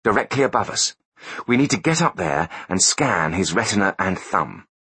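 A man's voice: low voice, sing-song, sharp tone, breathy edge, dry recording, full character voice. A man voicing a tough, no-nonsense female captain in an audiobook. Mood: brisk. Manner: brisk, commanding. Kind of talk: audiobook character voice.

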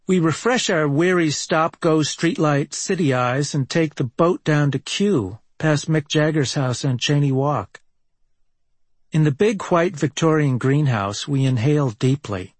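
A man from Minneapolis reading a personal travel memoir aloud in a wry, deadpan delivery. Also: a little high, slightly rough, no room sound. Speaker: memoir narrator.

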